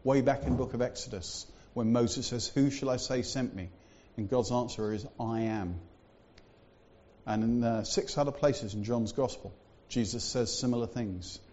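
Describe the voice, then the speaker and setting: Guy giving a church sermon, relaxed chatty preaching, warm low tone, kinda muffled recording. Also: normal speed, a little hiss or hum. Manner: conversational preaching with frequent fillers and asides.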